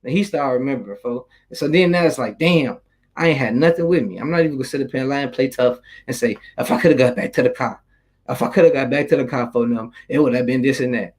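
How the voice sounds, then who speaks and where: A man's voice: mid-range voice, quick pace, darkish tone, low-quality recording. A young man casually telling a street story in loose, rambling slang, swearing freely.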